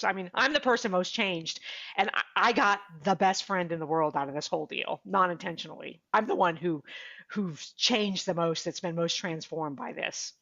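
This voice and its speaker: A woman's voice: lowish voice, no room sound, dull audio. A woman guest on a podcast interview, telling her story with animation and acting out what people said. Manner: animated, acts out quoted dialogue. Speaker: podcast guest, author and speaker.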